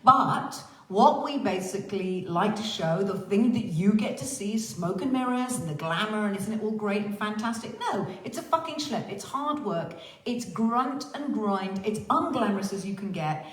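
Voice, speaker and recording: A woman's voice: mid-range voice, lively intonation, normal speed. A woman hosting a casual livestream chat, theatrical and chatty, swearing freely. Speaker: livestream host. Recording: roomy echo.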